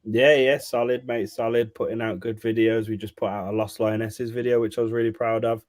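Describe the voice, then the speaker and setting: A man's voice: fairly low pitch, flat delivery, a little fast, darkish tone, no room sound, clean studio sound. A man with a Birmingham accent, an upbeat guest on a casual chat show, laughing often. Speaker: guest content creator.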